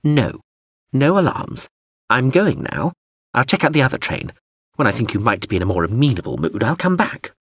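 A male audiobook narrator voicing a touchy, sarcastic floating drone that whines and leaps up in pitch. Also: big pitch swings, normal speed, breathy edge, no echo, studio quality. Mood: huffy. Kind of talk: audiobook character voice.

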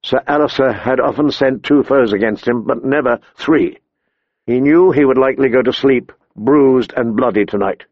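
A male narrator reads a story in a steady, measured way, his voice carrying a gravelly, creaky texture. The recording is very dry and slightly dull, as if close-miked in a treated booth. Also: mid-range voice, no room sound. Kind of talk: audiobook narration.

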